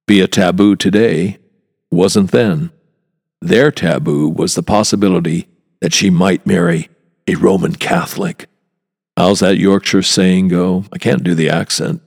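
Man, podcast host, tour guide, low, gravelly, wry, chatty asides, long reverb. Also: fairly even intonation, a little slow, darkish tone. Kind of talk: podcast monologue.

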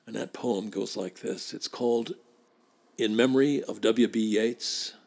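Slow gravelly man. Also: fairly low pitch, fairly even intonation, darkish tone. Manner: measured, emphatic repetitions. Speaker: podcast host. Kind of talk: spoken tribute and letter reading.

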